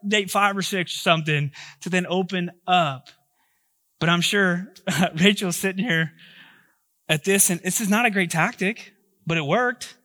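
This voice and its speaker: High bright-voiced joking preacher man. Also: no room sound, studio quality. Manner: humorous, conversational, joking asides. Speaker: pastor. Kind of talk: sermon.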